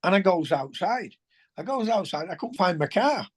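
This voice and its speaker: Animated older storyteller. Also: male voice, high voice, normal speed, slightly rough. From England. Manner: animated, colloquial, swears, restarts sentences. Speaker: former footballer, guest. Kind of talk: anecdotal storytelling.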